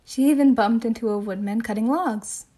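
A woman telling a classic fairy tale as a soothing bedtime story, with gentle, measured narration. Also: a little high.

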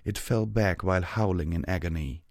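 A man reading an action story aloud as narrator, in steady, even scripted narration on a close mic. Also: deep voice, normal speed, dry recording.

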